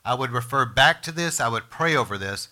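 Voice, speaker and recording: A man preaching a sermon as pastor, emphatic, slowing down to stress words and speaking straight to his congregation and listeners. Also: medium pitch, lively intonation, sharp tone. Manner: addresses congregation and podcast listeners directly.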